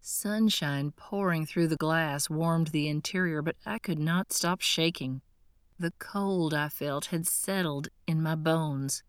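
A woman reading a first-person audiobook in a measured, tense, earnest way, close to the mic. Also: sits low, clear, resonant tone, dry recording. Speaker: audiobook narrator.

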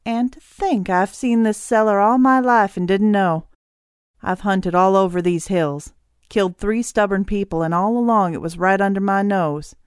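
A woman's voice: medium pitch, moderate pace, clean tone, dry recording, clean studio sound, natural voice. A woman reading an audiobook voices a ruthless, scheming male killer who talks in a cold, gloating way.

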